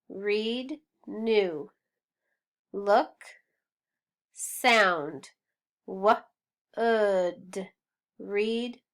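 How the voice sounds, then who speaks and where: A woman teaching a phonics lesson, sounding out words slowly and deliberately. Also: mid-range voice, fairly bright tone.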